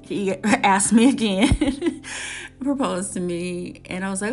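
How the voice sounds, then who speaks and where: A woman's voice: medium pitch, slow, faint music behind. A woman earnestly telling a personal story, repeating her phrases and acting out old conversations. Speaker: speaker sharing her life story.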